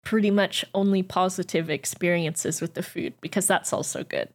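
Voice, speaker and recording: A woman co-hosting a podcast, chatting casually and encouraging her partner. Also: on the low side. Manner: encouraging, quick to agree. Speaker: podcast co-host. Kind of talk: casual chat. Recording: faint music behind.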